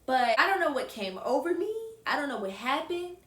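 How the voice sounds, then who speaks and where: A young woman telling a casual storytime to her viewers, animated and often calling out to them. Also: high-pitched, fairly quick. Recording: roomy echo.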